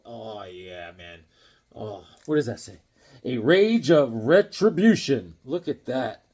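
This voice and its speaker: A man's voice: on the high side, a little mellow. A man chatting casually while showing comics, telling dad jokes and rambling stories. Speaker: comic collector.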